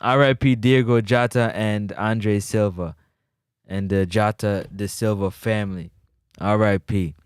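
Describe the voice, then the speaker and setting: A man's voice: fairly low pitch, unhurried, smooth, no echo, studio quality. A man hosting a casual sports talk livestream, bantering with his chat. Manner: animated, banters with live chat. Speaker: sports talk show host.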